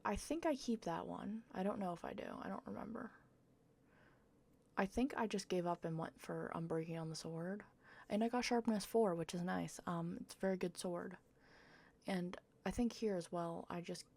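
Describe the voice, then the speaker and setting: A young woman doing a casual, rambling voiceover over gameplay, talking slowly and swearing offhandedly. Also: fairly low pitch, gravelly, a little mellow. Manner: slow, rambling, self-deprecating, swears casually. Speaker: gaming YouTuber.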